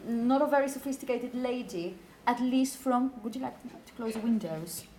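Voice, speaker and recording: A woman's voice: a little high, normal speed, mellow, a little hiss or hum. A woman teaching a phonetics class in a classroom, chatty and apologetic, putting questions to her students. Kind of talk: classroom lecture.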